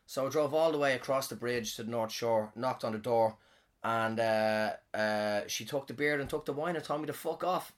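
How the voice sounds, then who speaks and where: A man's voice: medium pitch, normal speed. A man who performs comedy, telling a rambling story in a casual way. He swears a lot and often trails off and restarts. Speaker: comedian and podcast host.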